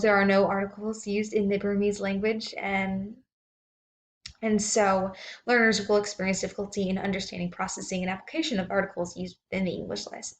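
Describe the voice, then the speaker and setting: A woman giving a slide presentation on language, speaking hesitantly with many ums and uhs. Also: medium pitch.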